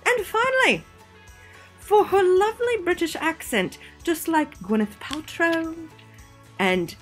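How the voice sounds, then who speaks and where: A woman theater teacher hands out awards in a jokey, theatrical way, breaking off into asides. Her voice sits high and bounces around, and she takes her time. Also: lively intonation, slow, soft background music. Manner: theatrical, jokey, self-interrupting. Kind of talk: playful recorded award presentation.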